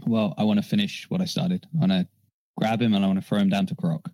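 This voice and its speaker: A man's voice: sits low, fairly even intonation, fast, dark tone, slight background noise, poor audio. A man playing a tabletop game, talking through plans in a playful, scheming way and chuckling now and then. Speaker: player. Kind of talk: casual tabletop game play.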